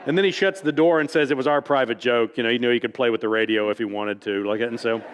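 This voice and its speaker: A man's voice: medium pitch, fast, clear, resonant tone. A man, an author at a library event, telling anecdotes to a live audience in a rambling, self-amused way, packed with fillers and chuckles. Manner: breaks into chuckles at his own stories. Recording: long reverb of a large hall.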